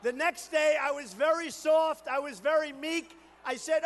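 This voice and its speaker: A man giving a campaign rally speech, boastful and repetitive, riffing to the crowd and building to shouted crescendos. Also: extremely high pitch, steady tone, moderate pace, few pauses, big-room sound. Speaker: political candidate at a rally.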